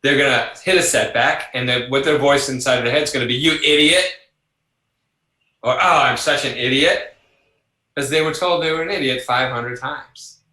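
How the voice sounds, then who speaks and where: An older man speaks with a bright, forceful tone, lively and conversational as he explains his ideas. He acts out little voices in his examples, and the room rings around him with noticeable echo. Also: mid-range voice, fast talker. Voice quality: animated, acts out voices in anecdotes. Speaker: psychologist guest. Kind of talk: conversational interview.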